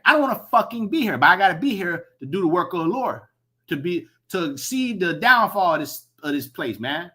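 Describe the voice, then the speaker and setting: Swearing preacher guy ranting on his vlog, kinda high pitched, bright edgy voice. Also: big pitch swings, brisk. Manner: profane, emphatic, repeats himself; reads scripture aloud. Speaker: religious commentator.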